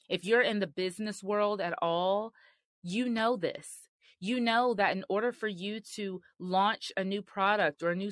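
A woman's voice: mid-range voice, a bit bright, dry recording, studio quality. A woman host giving sermon-style marriage teaching, earnest and emphatic in a conversational way.

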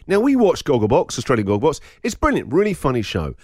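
A man's voice: medium pitch, fast, dry recording, clean studio sound. A man hosting a radio breakfast show, telling a story in casual chat and acting out the people in it. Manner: animated, laughing storyteller acting out quotes.

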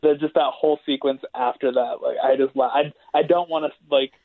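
A man's voice: medium pitch, a little fast, dry recording. A man, father of a ten-year-old, chatting casually on a podcast panel, rambling with lots of fillers. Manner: relaxed, rambling with many fillers. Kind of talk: casual chat. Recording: tinny phone-like line.

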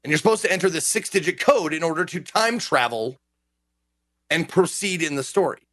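Animated swearing man ranting. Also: on the high side, a little fast, no echo. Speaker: game streamer. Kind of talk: casual podcast chat.

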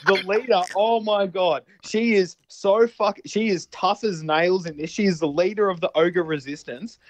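A man recounting a film plot in rambling, animated casual chat, swearing freely. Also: high-pitched, moderate pace.

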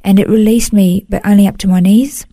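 This is a woman speaking as an interview guest, recounting a personal testimony in an earnest, emotional way. Her voice is warm and mellow, and it sits at a middle pitch for a woman. The recording is dry and close, and she often drops in a "you know" as she tells it. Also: steady tone, a little fast, no echo. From Australia.

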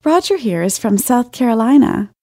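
A woman's voice: on the high side, sing-song, moderate pace, a little mellow, dry recording, studio quality, pitched above the performer's own voice. A woman voicing a bold, playful, flirtatious sister with a bossy, teasing manner.

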